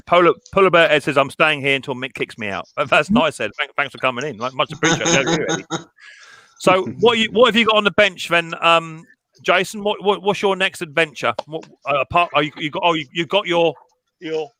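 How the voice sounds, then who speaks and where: A man hosting a casual live stream, chatty and quick to stumble over his own restarts. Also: on the high side, sharp tone, no room sound, rough recording.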